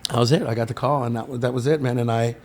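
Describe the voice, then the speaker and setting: A middle-aged man, a guest on a podcast, telling stories in a casual, animated way, acting out the voices of people he quotes and swearing now and then. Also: medium pitch, fast talker. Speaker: podcast guest, sommelier and winemaker. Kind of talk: casual storytelling interview.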